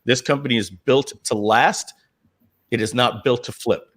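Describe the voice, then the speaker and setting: Man, middle-aged, company founder, live Q&A storytelling, rambling, restarts, throat-clearing, medium pitch. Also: moderate pace, fairly bright tone.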